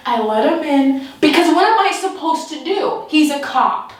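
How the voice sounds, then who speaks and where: A woman telling a story in a casual storytime vlog, animated and breaking into nervous laughter. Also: sits high, moderate pace. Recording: echoey room, distant mic.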